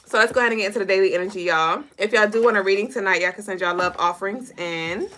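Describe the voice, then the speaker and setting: Bright-voiced woman giving a spiritual reading. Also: medium pitch, quick pace. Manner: loose, profane and animated, addressing viewers directly. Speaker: spiritual reader and co-host. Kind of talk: casual livestream spiritual reading.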